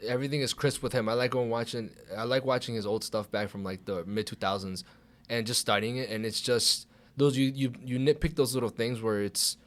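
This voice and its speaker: A young man, a guest on a casual podcast, who swears freely and acts out his own past thoughts with animated delivery. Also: mid-range voice, brisk. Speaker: podcast guest, pro wrestler. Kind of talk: casual chat.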